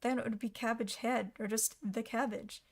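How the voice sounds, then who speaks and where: A woman voicing a solemn, hyper-logical schoolboy who speaks flatly and matter-of-factly in an audiobook reading. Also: a little high, normal speed. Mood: deadpan. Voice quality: flat deadpan delivery. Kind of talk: audiobook character voice.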